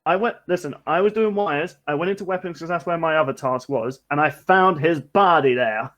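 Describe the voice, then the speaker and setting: A man's voice: a little high, brisk, fairly bright tone, muffled recording. A man chatting in a gaming voice call, theatrically interrogating his friends. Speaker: gamer in a group voice chat. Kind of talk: casual gaming chat.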